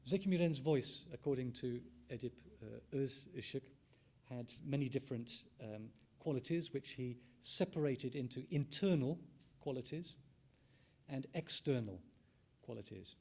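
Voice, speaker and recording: A middle-aged man, an ethnomusicologist, giving a measured conference lecture, thinking aloud and restating his phrases with frequent ums. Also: mid-range voice.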